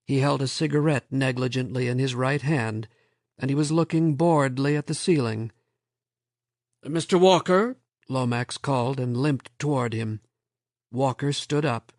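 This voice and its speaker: A man's voice: mid-range voice, fairly even intonation, moderate pace, a little mellow, no room sound, studio quality. Man reading a novel aloud. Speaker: audiobook narrator. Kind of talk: scripted narration.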